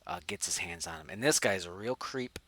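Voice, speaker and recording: Profane, rambling podcast host. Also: male voice, low voice, expressive, brisk, a bit bright, no echo. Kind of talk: casual movie review chat.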